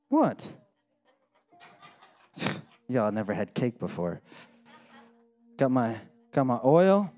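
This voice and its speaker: A pastor, likely in his thirties or forties, preaching and telling a story, acting out voices and dropping low and quiet for serious points. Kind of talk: sermon with storytelling.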